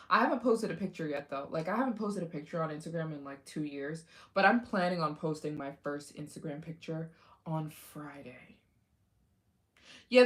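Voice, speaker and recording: Young woman chatting on her livestream, rambly, lots of ums and restarts. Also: lowish voice. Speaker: livestream host. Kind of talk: casual livestream chat.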